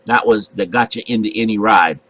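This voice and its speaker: An older man, a pastor, preaching a sermon in a chatty, animated way and acting out voices. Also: fairly low pitch, fairly quick, slight background noise, low-quality recording. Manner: conversational, animated, acts out voices.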